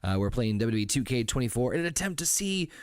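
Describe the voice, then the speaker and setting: Animated joking male stream host. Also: mid-range voice, very fast, clean tone, dry recording, clean studio sound. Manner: loud, profane and joking. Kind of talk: casual gaming stream chat.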